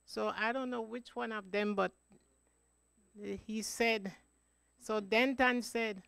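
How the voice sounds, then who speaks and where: Woman, gravelly voice, dry close sound, slow rambling funeral remembrance. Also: mid-range voice, fairly even intonation, a bit bright, dry recording. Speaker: eulogy speaker, cousin of the deceased. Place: funeral home.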